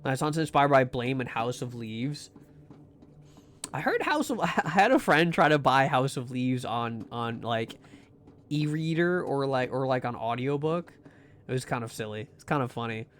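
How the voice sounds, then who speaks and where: Lively rambling male game streamer. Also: mid-range voice, normal speed, a little hiss or hum. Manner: rambling, jokey, lots of restarts and asides. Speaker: livestreamer playing a horror game. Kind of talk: casual gameplay commentary to chat.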